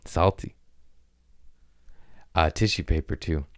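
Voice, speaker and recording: A man's voice: low voice, fairly even intonation, slow pace, dry recording, studio quality. A man hosting a podcast, rambling through absurd comic tangents, profane and amused at himself. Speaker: podcast host. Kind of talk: rambling comedic monologue.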